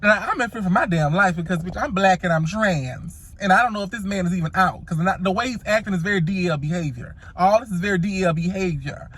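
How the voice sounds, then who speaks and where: A woman's voice: fairly low pitch, quick pace, hardly any pauses, breathy edge. A woman telling a dramatic story to the camera in a casual vlog, sassy and profane, calling her listeners honey and child. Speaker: storytime vlogger.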